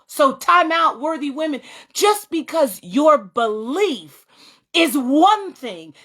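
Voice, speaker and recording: Animated woman host telling a story. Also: high voice. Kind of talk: faith-based storytelling talk.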